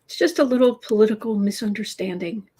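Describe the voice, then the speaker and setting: A woman's voice: medium pitch, a little fast, mellow, husky. A woman hosting a tarot livestream, chatting casually and rambling with frequent restarts. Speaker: tarot reader host.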